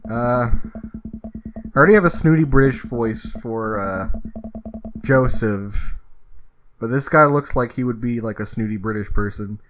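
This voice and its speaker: A man's voice: mid-range voice, expressive, measured pace, pauses often, a bit bright, soft background music, rough recording. Casual male let's-play host. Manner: casual, offhand, self-deprecating. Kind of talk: casual game commentary.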